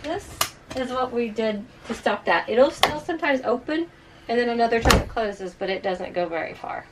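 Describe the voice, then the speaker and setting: A woman's voice: a little high, normal speed. A woman giving a casual, chatty walkthrough of her motorhome for an RV vlog. She explains things by showing them. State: out of breath. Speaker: RV vlogger. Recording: distant mic, faint ambient noise.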